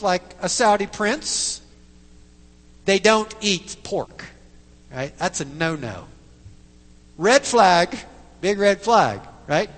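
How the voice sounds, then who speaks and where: A male pastor preaches with a high, animated voice that rises and falls widely. He speaks slowly and emphatically, checking in with the congregation, while his voice rings with long reverb through a church hall. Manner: emphatic, frequent tag questions. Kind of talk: sermon.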